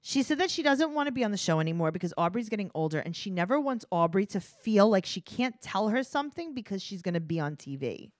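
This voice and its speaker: A woman's voice: medium pitch, very animated, quick pace, hardly any pauses, dry recording. A woman chats casually on a podcast, recapping reality TV with a sarcastic edge. Her voice swoops up and down freely. The recording is dry and close, with no room sound. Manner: sarcastic, acts out voices of people on the show. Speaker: podcast co-host.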